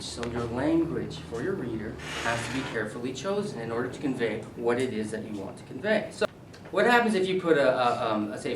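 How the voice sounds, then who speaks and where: Lively professor lecturing from across a room. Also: male voice, medium pitch, background noise. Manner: animated, asks the class questions and repeats their answers. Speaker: university English professor. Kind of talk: classroom seminar lecture. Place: university seminar room. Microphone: camera at a distance. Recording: echoey room, voice from far off.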